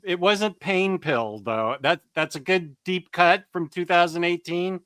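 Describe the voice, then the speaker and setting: A man hosting a relaxed comics chat who tells his stories with dry humor. His voice sits a little high, and the close, dry recording keeps it intimate. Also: unhurried, smooth, no echo. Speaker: comics show host. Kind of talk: casual chat.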